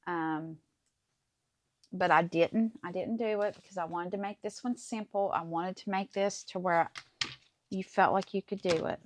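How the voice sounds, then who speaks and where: A woman's voice: lowish voice, fairly even intonation, measured pace. A middle-aged woman hosting a casual craft tutorial, chatting to viewers as she works through each step. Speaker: crafting channel host.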